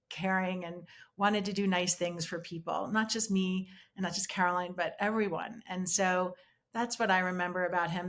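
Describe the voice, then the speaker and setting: Middle-aged woman on a video call, lowish voice, halting, lots of ums. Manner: halting, many ums and restarts. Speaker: interview guest. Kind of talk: emotional personal recollection.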